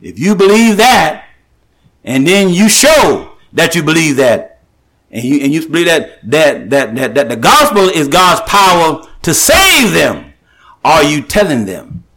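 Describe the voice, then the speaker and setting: Lively high-voiced man preaching a sermon. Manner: emphatic, repetitive, with halting restarts; slows and rises to stress scripture.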